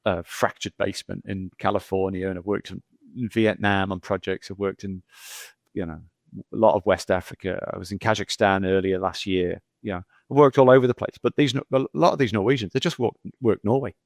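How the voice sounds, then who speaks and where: A man's voice: low-pitched, fairly even intonation, fairly quick, vocal fry, no room sound. A middle-aged male geologist talking casually as a podcast guest, rambling through anecdotes with lots of repeats and "you know".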